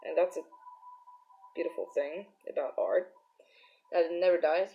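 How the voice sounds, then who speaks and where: A woman's voice: on the low side, steady tone, moderate pace, muffled recording. A young adult woman with a Polish accent, a native Polish speaker, chatting casually on a live stream while she draws, hungover, chuckling often and muttering to herself. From Poland. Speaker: artist streaming while drawing.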